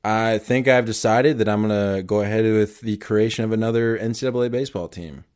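Young guy cohosting a sports podcast, lowish voice, joking around. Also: steady tone, fairly quick, darkish tone, clear, resonant tone. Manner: laughs a lot, loose and joking. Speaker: podcast co-host. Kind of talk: casual sports chat.

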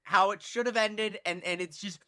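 A man co-hosting a podcast, chatting casually and telling an animated story while acting out the people in it. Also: high voice, normal speed. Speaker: podcast co-host.

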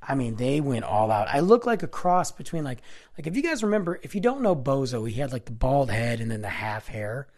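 A man in his forties hosting a podcast and telling a personal story. He is animated and acts out each voice, his pitch rising and falling widely across a mid-range voice. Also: brisk. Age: 40s. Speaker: podcast host.

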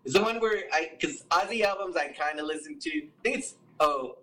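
A man telling a story as a podcast guest, animated and profane, acting out what other people said. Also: a little high, brisk, recorded from a distance, poor audio. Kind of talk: casual storytelling.

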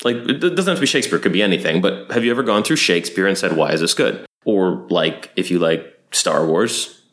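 Male podcast host, low voice, rambling casual talk, lots of fillers. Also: fairly quick. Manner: rambling and animated, heavy on fillers.

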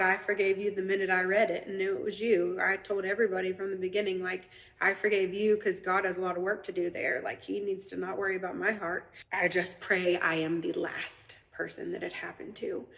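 A woman's voice: mid-range voice, creaky, fairly bright tone, big-room sound, highs cut off. A woman talking tearfully in a rambling, earnest, preachy live video as an online seller. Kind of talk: emotional livestream monologue. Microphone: phone.

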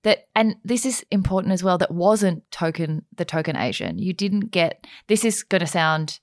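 A woman's voice: on the low side, animated, normal speed, dry recording, clean studio sound. A woman hosting a casual interview, speaking in a thoughtful, supportive way. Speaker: interviewer, host.

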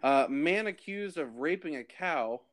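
A man's voice: fairly high pitch, expressive, measured pace, fairly bright tone. Giggly man reading odd headlines. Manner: laughs between lines while reading odd headlines. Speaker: podcast co-host reading news. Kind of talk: casual comedic podcast chat.

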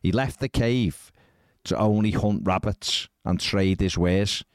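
A man's voice: lowish voice, takes it slowly, no room sound, studio quality. A man hosting a podcast, reading out news stories with wry, disbelieving asides. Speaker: podcast host.

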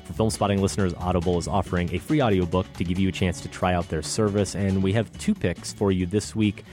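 Deep-voiced wry male podcast co-host. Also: fairly even intonation, fast talker, darkish tone, soft background music. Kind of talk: casual film talk and ad reads.

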